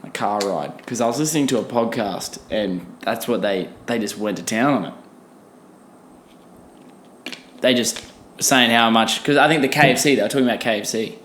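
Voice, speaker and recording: A young man rants on his own podcast, swearing freely and poking fun at himself. His voice sits at a middling pitch, and a roomy echo hangs around it. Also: moderate pace, pauses often, fairly bright tone, slight background noise. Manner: ranting, profane, self-deprecating. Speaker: podcast host. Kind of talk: solo comedic podcast rant.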